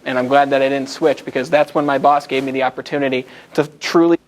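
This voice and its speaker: An American man speaking live as a motivational speaker to a group in a meeting room. He talks in an energetic, conversational way and draws the audience in. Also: mid-range voice, quick pace.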